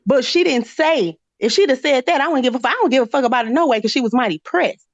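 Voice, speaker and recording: A woman's voice: high-pitched, quick pace, no echo. A woman in a heated live-stream argument, blunt and profane, repeating her point over and over. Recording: slightly muffled, dry.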